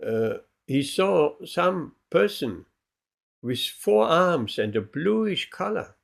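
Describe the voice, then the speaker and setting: A man, a spiritual teacher, telling a devotional story in a lecture, with many pauses and fillers. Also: on the high side, big pitch swings, creaky.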